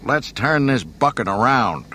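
A man's voice: deep voice, huge pitch swings, takes it slowly, pushed and bright, a little hiss or hum, exaggerated voice. A man voicing a cocky, brash male starship captain who barks orders. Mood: commanding. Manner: barking orders, defensive.

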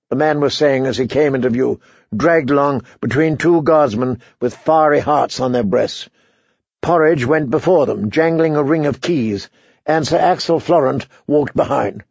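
A man narrating a story as an audiobook reader, in a measured, even way. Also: a little high, gravelly, slightly rough, no echo, muffled recording. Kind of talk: scripted narration.

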